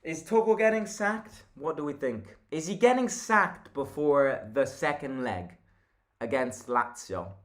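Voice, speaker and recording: A man's voice: a little high, animated, unhurried. Tired guy doing a live watchalong for a fan channel, chatty, reacts to every pass. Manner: casual and chatty, reacting to play, hums chants. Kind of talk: live match watchalong commentary.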